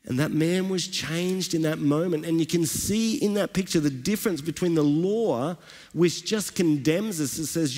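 A man's voice: on the high side, unhurried, darkish tone, long reverb tail. A male pastor preaching a sermon, building his points through emphatic repetition.

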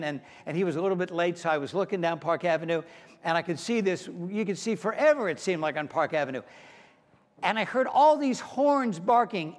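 High-voiced male pastor preaching. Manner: storytelling, animated, acts out honking horns. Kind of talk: sermon. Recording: long hall reverb.

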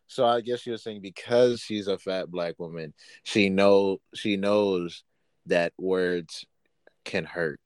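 A man's voice: deep voice, fairly even intonation, slow, long pauses, darkish tone, no echo. A man in casual podcast chat, laid-back and laughing, who reads out a statement and comments on it. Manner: laid-back, laughing, calls people "bro".

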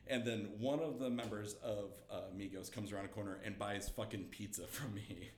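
A young man telling a story as a guest, lively and laughing, acting out the quotes. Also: lowish voice, fairly quick, reverberant, slight background noise. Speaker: comedian guest. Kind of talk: animated storytelling.

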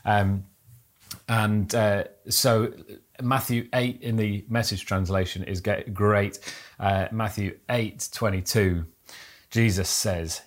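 A man's voice: fairly low pitch, fairly even intonation, slow pace. A man preaching a sermon to his church, earnest and exhorting, building up to emphatic peaks. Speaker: pastor.

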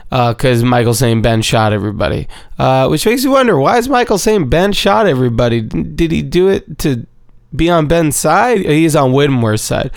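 A man's voice: mid-range voice, animated, a little slow, creaky, clear, resonant tone, dry recording, clean studio sound. A man giving a casual, rambling episode recap, full of swearing and playful repetition.

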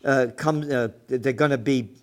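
A man's voice: mid-range voice, steady tone, normal speed, slight background noise. A man ranting angrily about the news, swearing often and mocking the people he quotes. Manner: angry, profane, sarcastic, mocking quoted people. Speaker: commentator.

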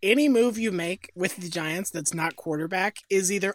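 A man's voice: sits high, moderate pace. A man co-hosting a comedy sports podcast, doing voices for bits. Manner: animated, does voices for bits. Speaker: podcast co-host. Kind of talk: casual comedic chat.

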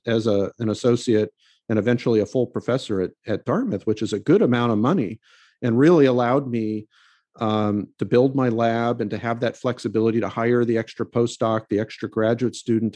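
Relaxed professor talking on a podcast. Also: male voice, medium pitch, no room sound. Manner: relaxed, conversational with fillers and restarts. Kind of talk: casual podcast chat.

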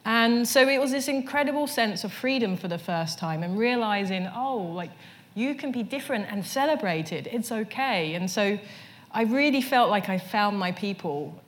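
A woman's voice: mid-range voice, lively intonation, moderate pace. A woman, speaking as the guest in a casual onstage conversation and telling stories with lots of "you know" fillers. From England. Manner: storytelling, many "you know" fillers and restarts. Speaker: artist, interview guest. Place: stage before a live audience.

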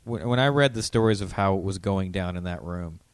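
A man's voice: low voice, brisk, clean tone, no room sound. A man in casual podcast chat, swearing and acting out quotes as he tells stories.

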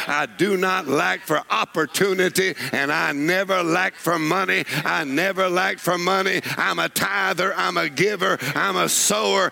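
A man preaching a sermon in a church, telling folksy stories and building up to shouted declarations. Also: sits high, a little slow, gravelly. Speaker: pastor. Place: church sanctuary.

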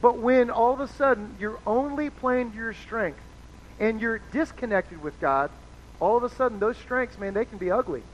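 Man pastor with a high voice, casual sermon delivery, slightly muffled recording. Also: moderate pace. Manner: casual, chatty, acts out quoted voices. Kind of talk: conversational sermon. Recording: dull lo-fi sound with faint noise.

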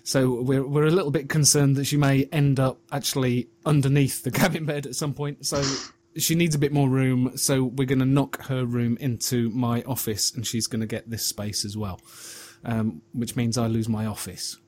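A middle-aged man and father talking casually on a podcast, halting and wry. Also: medium pitch, little pitch movement, darkish tone, slight background noise. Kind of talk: casual chat.

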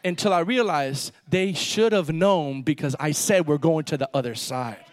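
A pastor preaching a lively sermon, with call-and-response and quick asides to the congregation. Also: male voice, a little high, no echo.

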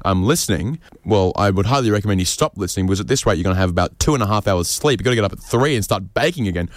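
Man, comic monologue, rambling, lively, dry close sound. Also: on the low side, very fast, hardly any pauses, dry recording. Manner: animated, jumps into mocking voices; rambling, with fillers and restarts. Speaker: comedian. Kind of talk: comedic monologue.

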